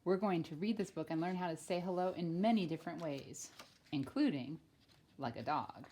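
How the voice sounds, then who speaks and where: A woman, a children's librarian, leads a storytime from her home, talking to young children in an animated, encouraging way. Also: on the low side, fairly quick, a little hiss or hum.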